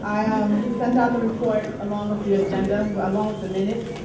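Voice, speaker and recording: A woman with a New York accent reads out treasurer and committee business, upbeat and animated at times. She sounds far from the recorder in a very echoey hall, with steady noise behind her. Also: mid-range voice, fairly quick. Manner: upbeat, animated when announcing. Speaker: union treasurer and committee chair. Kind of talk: meeting report. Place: large meeting hall. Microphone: distant from the recorder.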